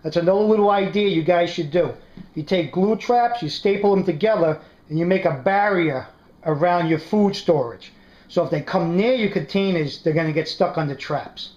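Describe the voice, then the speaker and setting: A man's voice: sits high, normal speed, dull audio. A man with a New York accent hosting a casual how-to vlog, chatty and constantly asking "right?". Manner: chatty, says "right?" constantly, animated storyteller. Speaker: prepping video host. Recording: echoey room, faint noise.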